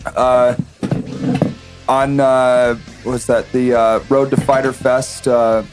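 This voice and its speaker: A man's voice: medium pitch, level tone, takes it slowly. Man, young adult, podcast co-host, rambling casual talk, laughs a lot, faint music underneath. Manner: rambling, laughs often, swears freely. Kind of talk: casual chat about wrestling.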